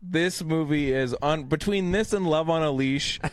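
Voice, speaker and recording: A man's voice: a little high, normal speed, clear, resonant tone. A man from Canada co-hosting a movie podcast, telling stories with lots of swearing and laughter. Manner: profane, laughing, animated storytelling. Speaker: podcast co-host reviewing movies. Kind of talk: casual chat.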